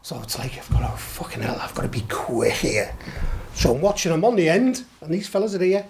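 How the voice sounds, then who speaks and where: Middle-aged Scouse bloke, raised voice, spins wild yarns with plenty of swearing and laughter. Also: male voice, on the high side, a little fast, gravelly, a little hiss or hum. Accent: Liverpool Scouse. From Liverpool, England. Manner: animated, swears a lot, laughs while telling. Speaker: podcast guest. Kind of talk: storytelling anecdote.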